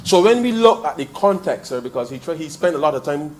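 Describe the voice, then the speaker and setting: A man giving a parliamentary debate speech in the chamber, addressing the chair with a steady "sir" and building to emphatic rises. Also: on the high side, a little fast, poor audio. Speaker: member of parliament.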